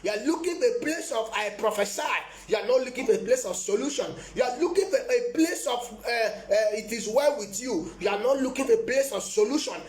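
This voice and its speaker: Emphatic high-voiced male preacher, echoey room. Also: expressive, a little fast, few pauses, darkish tone. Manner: emphatic, repetitive, breaks into laughter. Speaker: prophet. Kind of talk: live-streamed prophetic sermon.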